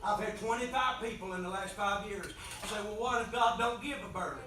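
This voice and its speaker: Man preaching hard, voice way up high, soft then yelling, super echoey church, mic far off. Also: brisk, slight background noise. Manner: swings between soft pleading and loud shouting. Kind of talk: impassioned revival sermon. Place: church sanctuary.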